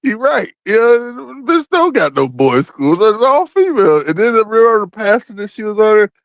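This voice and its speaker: Co-host, male, crude casual banter, higher voice, dry dull lo-fi sound. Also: sing-song, moderate pace, creaky, no echo. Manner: profane, joking, loose. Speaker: podcast co-host.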